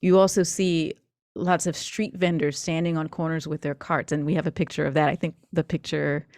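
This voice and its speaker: A woman's voice: sits low, little pitch movement, moderate pace, a little mellow, dry recording, clean studio sound. A woman game master narrating a tabletop horror game in a chatty, descriptive way with plenty of fillers.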